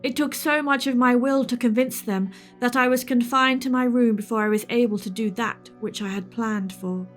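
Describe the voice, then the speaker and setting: A woman's voice: on the high side, steady tone, moderate pace, few pauses, soft background music, natural voice. A woman voicing the ghost of a refined, formal woman in an old nightgown, speaking with an English accent and pleading for help.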